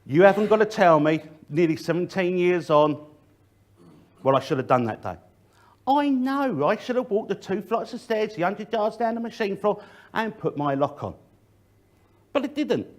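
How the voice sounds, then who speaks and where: Man, middle-aged, safety talk, direct to the audience, fairly high voice. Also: darkish tone. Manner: direct, addresses the audience, varies emphasis. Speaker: workplace safety speaker.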